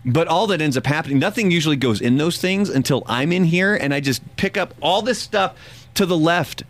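A man's voice: a little high, expressive, a little fast, no echo. A man in his forties hosting a morning radio show, talking casually with a slight lisp and a dry, self-deprecating humor. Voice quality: slight lisp from a missing tooth.

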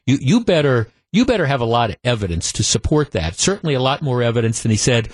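A man hosting a political talk radio show, speaking with many halting restarts into a studio microphone. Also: mid-range voice, big pitch swings, no room sound.

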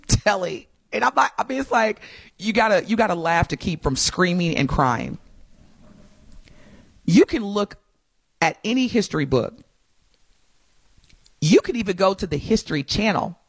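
A woman's voice: medium pitch, very animated, a little slow, creaky, pauses often, dry recording, studio quality. A woman co-hosting a talk show, chatting animatedly with exclamations and laughter. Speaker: co-host. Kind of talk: casual commentary chat.

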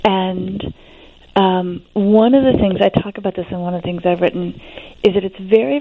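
A woman, a guest expert on adolescence, explaining teenage development in an interview in an animated, reassuring way with frequent fillers. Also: lowish voice, creaky. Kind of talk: interview conversation. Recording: tinny phone-line sound.

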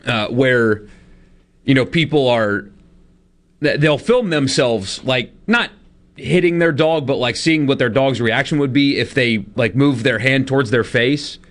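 A man's voice: mid-range voice, measured pace, a bit bright. A man in his thirties co-hosting a radio show, chatting casually and laughing at himself. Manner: chatty, self-deprecating, laughs often.

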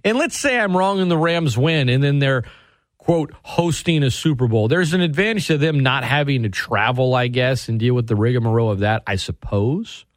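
A man hosting a sports radio show, talking in an animated, sarcastic way and swinging his pitch for emphasis. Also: normal speed, dry recording, clean studio sound. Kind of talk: opinionated sports talk.

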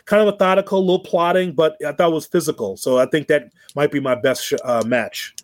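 A man's voice: a little high, quick pace, dry recording. A man co-hosting a wrestling podcast, chatting casually and telling stories with frequent laughs and restarts. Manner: animated storyteller, laughs often, repeats words. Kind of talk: casual chat.

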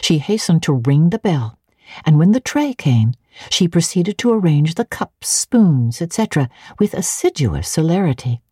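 Woman reading a classic novel aloud, low voice, husky, first-person audiobook narration, expressive. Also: moderate pace, dry recording, studio quality. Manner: expressive, clearly paced reading.

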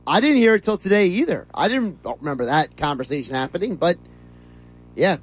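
A man's voice: high voice, lively intonation, a little fast, slightly rough, soft background music, rough recording. A man co-hosting a sports radio show, chatting casually and enjoying a funny clip. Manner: amused, eager to share clips.

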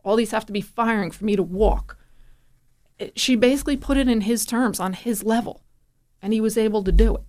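A woman guest on a radio talk show, telling a personal story in a casual, animated way and acting out the dialogue. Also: a little high, brisk. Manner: animated, acts out quoted dialogue. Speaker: guest, parent sharing her son's story.

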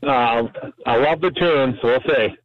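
A man's voice: mid-range voice, measured pace, dry recording. Easygoing male caller on a phone line. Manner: easygoing, good-humored. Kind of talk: casual phone chat.

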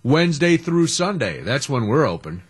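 A middle-aged man, hosting a casual radio talk show in an animated, jokey, opinionated way. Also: medium pitch, moderate pace, husky.

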